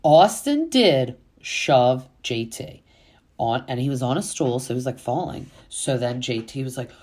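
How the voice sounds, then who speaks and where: A woman's voice: very deep voice, expressive, measured pace, a little mellow. A woman hosting a casual reality TV recap, chatty and full of fillers, with exasperated asides.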